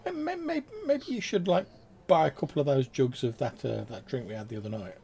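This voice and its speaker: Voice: mid-range voice, lively intonation, fairly quick, creaky, darkish tone, voice pushed up. A man voicing a nervous companion who stammers and hesitates. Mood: hesitant.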